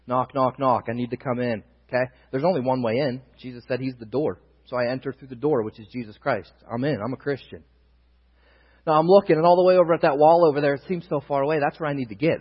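A young male pastor preaching a sermon, earnest, swinging from loud emphasis to near-hushed confiding, recorded in a church hall. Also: mid-range voice. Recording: dull, roomy long reverb, husky.

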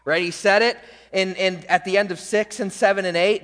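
A man preaching a sermon as pastor, pressing hard on key words and then dropping to quiet asides. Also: high voice, fairly even intonation, moderate pace, few pauses. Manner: emphatic, swings between loud stresses and quiet asides. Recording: long hall reverb.

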